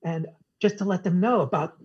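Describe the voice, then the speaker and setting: Podcast guest, male, very husky voice, animated storyteller who quotes whole exchanges, dull audio. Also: sits high, normal speed. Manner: acts out conversations in quoted dialogue. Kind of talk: casual storytelling interview.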